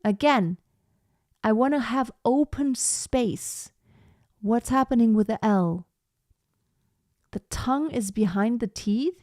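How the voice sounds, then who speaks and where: A woman teaching a live online singing lesson, explaining slowly and breaking off to sing short phrases as demonstrations. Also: a little high, darkish tone, no echo, studio quality.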